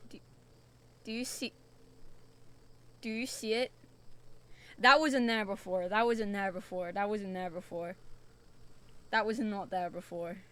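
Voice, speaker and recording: A young woman from the UK chats her way through a spooky VR game, drawing each word out slowly in a bright, sharp voice. She swears freely and jumps at every little scare. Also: mid-range voice, smooth. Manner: chatty, swears often, jumpy and excitable. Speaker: VTuber streamer. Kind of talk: casual VR game stream.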